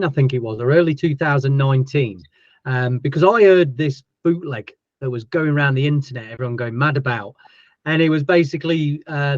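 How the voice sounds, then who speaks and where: Yorkshire man, host, chatty and eager, slightly high voice, dry dull recording. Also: dry recording. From Yorkshire, England. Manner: chatty, enthusiastic, many restarts. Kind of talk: casual interview chat.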